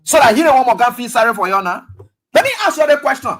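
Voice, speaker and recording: A fast-talking radio host, medium in pitch and speaking with a Liberian English accent, delivers spirited political commentary, voicing imagined dialogue and firing rhetorical questions.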